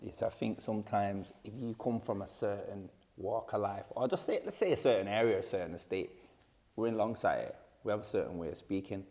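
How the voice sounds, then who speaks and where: A man's voice: on the low side, a little fast, warm tone. A man hosting a casual chat, easygoing and agreeing, speaking in local slang. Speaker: podcast host.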